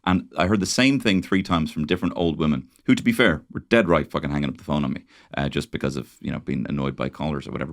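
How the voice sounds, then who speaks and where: A man's voice: very deep voice, quick pace, no room sound, studio quality. A young adult man with a Dublin accent co-hosting a podcast, chatting casually and swearing freely as he tells stories. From Dublin, Ireland. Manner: sweary, animated storyteller. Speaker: podcast co-host. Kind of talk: casual chat.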